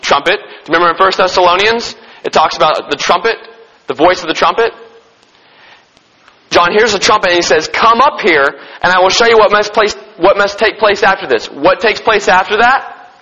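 A preacher with a high, bright, slightly husky voice teaches a Bible study, his words ringing with long hall reverb on a muffled recording. He poses questions to the room and answers them himself, slowing down to read verses deliberately.

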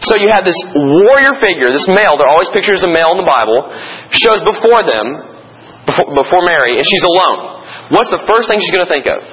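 Bright high-voiced young man teaching. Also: fairly quick, poor audio. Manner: conversational, animated storytelling with restarts. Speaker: Bible study teacher. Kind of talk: classroom Bible lesson.

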